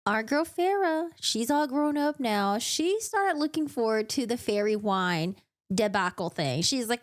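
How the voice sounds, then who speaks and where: A woman vlogger giving a casual, dramatic book recap in an animated storytelling manner. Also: medium pitch, a little slow, over music.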